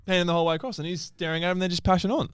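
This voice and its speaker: A man's voice: high voice, fairly even intonation, racing, smooth, no room sound. A man with an Australian accent, co-hosting a podcast. He tells stories in a laid-back way and often trails off. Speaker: podcast co-host. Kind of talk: casual podcast chat.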